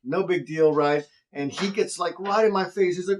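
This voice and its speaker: A man with a slightly raised pitch tells a story from his real estate investing straight to the camera. He keeps it casual and animated, and he slips into the voices of the people he quotes. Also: normal speed, few pauses.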